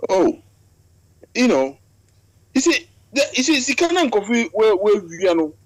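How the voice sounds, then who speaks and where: Impassioned high-voiced Ghanaian man. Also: sing-song, unhurried, no room sound, rough recording. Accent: Ghanaian English. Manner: impassioned, repetitive, keeps addressing the other man. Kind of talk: online video call discussion. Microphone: video call.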